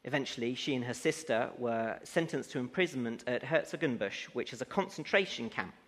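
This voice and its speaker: A man's voice: medium pitch, lively intonation, a little fast, fairly bright tone. A man preaching a sermon who builds to emphatic, rising declarations. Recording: long hall reverb.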